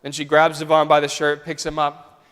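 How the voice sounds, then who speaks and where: A pastor delivers a storytelling sermon in a church sanctuary, his smooth, resonant voice sitting a little high for a man and staying monotone at a normal speed. He shifts between loud and soft passages, and long church reverb rings after each phrase.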